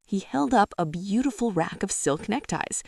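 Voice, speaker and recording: A woman narrates jokes in a brisk, scripted storytelling style. Her pitch sits in the middle of her range and moves freely. The recording is close and dry. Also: animated, vocal fry, warm tone, no room sound. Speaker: joke teller.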